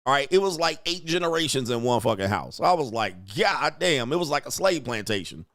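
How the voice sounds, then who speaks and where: A man hosting a casual livestream, reading chat comments and telling stories in a profane, animated way. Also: medium pitch, a little fast. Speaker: host of a livestream show. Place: home studio.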